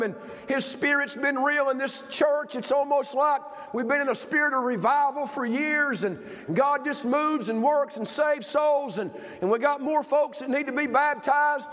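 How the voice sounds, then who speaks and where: A man's voice: very high voice, moderate pace, a bit bright. A grandfather in his fifties preaching a sermon as pastor, with a fervent delivery that rises and falls. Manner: fervent, rising and falling preaching cadence. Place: church sanctuary. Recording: long hall reverb.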